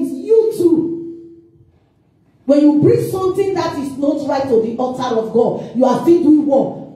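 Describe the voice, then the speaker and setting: A woman's voice: sits high, warm tone. A woman evangelist preaching a sermon in call-and-response style, asking questions and answering them herself, recorded in a church hall. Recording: echoey room, distant mic, faint music.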